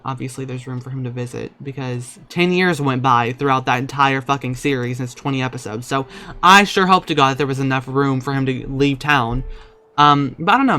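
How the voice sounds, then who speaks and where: Bright-voiced man rambling over gameplay. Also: fairly high pitch. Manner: rambling, swears a lot, sudden loud outbursts at the game. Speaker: gaming YouTuber. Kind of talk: casual gameplay commentary.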